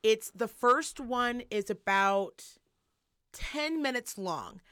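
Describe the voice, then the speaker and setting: A woman hosting a podcast, telling gossip in a casual, animated, profane way. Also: a little high, takes it slowly, clean tone, dry recording, clean studio sound. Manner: animated, profane storytelling with laughs. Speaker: podcast host.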